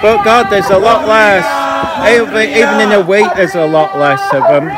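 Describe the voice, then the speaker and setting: A man's voice: high voice, normal speed. A man filming a protest outdoors, giving mocking running commentary. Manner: mocking, taunting. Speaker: street vlogger filming a protest. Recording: loud crowd noise outdoors.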